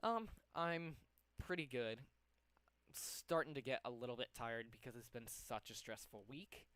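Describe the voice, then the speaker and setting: Slow, rambling young male streamer. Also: mid-range voice, fairly bright tone, no echo. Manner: rambling, lots of ums, talks to himself while working. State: out of breath. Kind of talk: casual live-stream chat.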